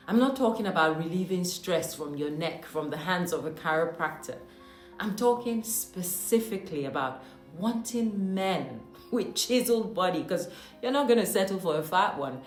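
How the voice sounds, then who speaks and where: A woman from Nigeria telling a personal story in a monologue. She talks animatedly, with mock-outraged asides, and laughs often. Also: on the low side. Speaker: host. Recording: echoey room with faint music.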